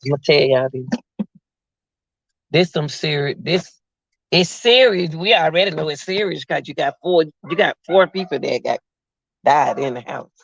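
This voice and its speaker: A woman's voice: low voice, lively intonation, moderate pace, vocal fry, long pauses, no echo. A woman vlogger, chatting casually to her viewers about a case. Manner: chatty, addresses viewers as y'all. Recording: dull lo-fi sound.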